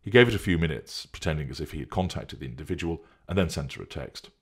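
A man narrating a story in a deliberate, measured way. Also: a bass voice, lively intonation, breathy edge. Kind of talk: scripted audiobook narration.

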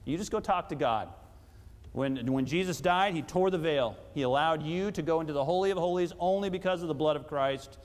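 A man's voice: on the high side, fairly quick. A man, a pastor, preaching a sermon and putting questions to his congregation, his voice rising for emphasis. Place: church sanctuary. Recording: long church hall reverb.

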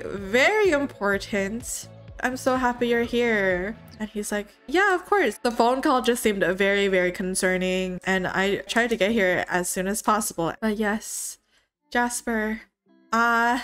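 A woman's voice: fairly high pitch, a bit bright. A woman voicing a nervous young student. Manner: nervous, pleading. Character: anxious young woman university student, pregnant.

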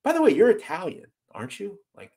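A man's voice: sits high, wildly swooping pitch, fast talker, dark tone, slightly rough. An American man hosting a casual livestream, reading chat comments aloud and answering them bluntly, swearing freely and sounding exasperated. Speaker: host reading live chat.

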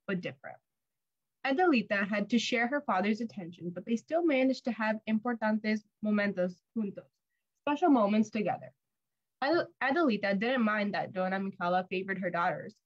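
A woman reading a storybook aloud to children, with clear, expressive storytelling. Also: mid-range voice, moderate pace, highs cut off. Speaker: storybook reader.

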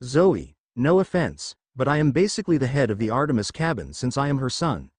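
A confident young man lays down the rules in a calm, firm voice, read by a male narrator. He never rushes. The sound is close and dry. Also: medium pitch, husky, no echo.

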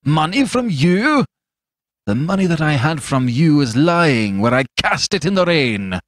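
A man's voice: mid-range voice, normal speed, dry recording, clean studio sound, natural voice. A man voicing a bitter, shabby old male drunkard who speaks fiercely and with scorn.

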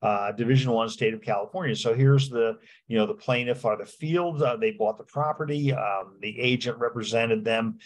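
A man teaching a real estate law class, talking in a halting way with lots of fillers and restarts. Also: medium pitch. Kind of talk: lecture with slides.

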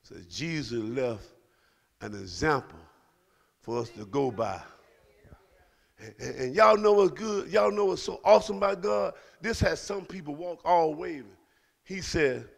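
A middle-aged man preaching a sermon to his congregation, building into shouted calls to the church. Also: on the high side, unhurried, creaky, long pauses. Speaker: pastor. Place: church sanctuary.

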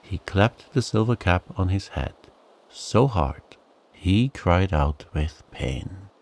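Deep slow calm male storyteller. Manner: calm, soothing. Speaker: sleep story narrator. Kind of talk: calm bedtime storybook narration.

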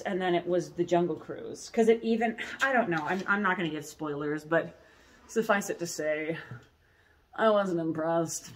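A young adult woman hosting a casual product vlog, rambling and animated as she chats about corsets. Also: fairly low pitch. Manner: rambling, animated, laughs and coughs often. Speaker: corset shop host.

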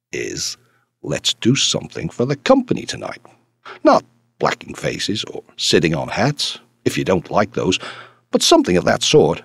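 A man reading the part of a rough but kindly Canadian farmer in a storybook, with boisterous, eager talk. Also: fairly low pitch, no room sound, heavily acted.

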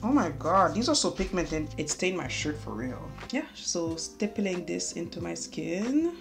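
A woman's voice: fairly low pitch, sing-song, measured pace, vocal fry. Chatty woman. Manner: chatty, self-mocking, talks while doing makeup. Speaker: beauty vlogger. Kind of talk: casual chatty makeup tutorial. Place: home room. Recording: faint music underneath.

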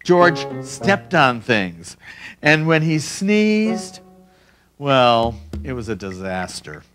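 Slow, animated storytelling man. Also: mid-range voice, soft background music. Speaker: author reading his picture book. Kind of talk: storybook read-aloud.

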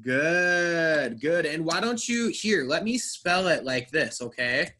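A man teaching an online English pronunciation class, speaking slowly and carefully and praising students. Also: on the high side, expressive, pushed and bright. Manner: slow, careful enunciation with encouraging feedback.

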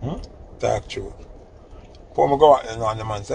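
A man with a Jamaican accent telling a funny story in casual chat, animated and laughing. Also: mid-range voice, a little fast, vocal fry, a little hiss or hum. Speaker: host.

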